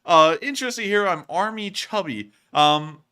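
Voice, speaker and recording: Animated young man, bright clear voice. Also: high voice, normal speed. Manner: animated, laughs often, swings loud and quiet. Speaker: livestream host reading donations. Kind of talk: casual livestream chat.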